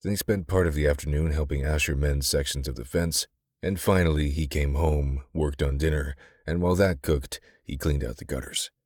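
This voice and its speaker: Very deep, husky male audiobook narrator. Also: normal speed, no room sound, studio quality. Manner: steady, intimate storytelling. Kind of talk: scripted narration.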